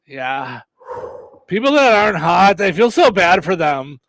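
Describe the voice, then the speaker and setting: Radio guy goofing around, teasing, kinda high voice, super dry mic. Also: sing-song, unhurried, gravelly, fairly bright tone, dry recording. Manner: playful, teasing, mock-vain. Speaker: radio show host. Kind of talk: casual morning radio banter.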